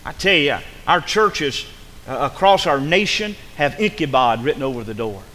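A man preaching a sermon with emphatic delivery, repeating words and swinging from loud bursts to hushed tones. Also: a little high, expressive, normal speed. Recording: hall reverb.

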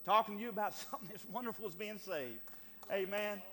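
A middle-aged man preaching a fervent, animated sermon, piling up emphatic repeated phrases. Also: high-pitched, fast talker. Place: church sanctuary. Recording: long reverb of a church hall, faint hum.

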